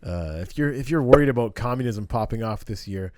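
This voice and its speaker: A young man co-hosts a casual podcast in a relaxed, easygoing way, chuckling as he talks. His voice sits in an ordinary middle range. The recording is dry and close-miked. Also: mid-range voice, a little fast, no room sound. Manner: laid-back, chuckling, reads definitions aloud. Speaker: podcast co-host.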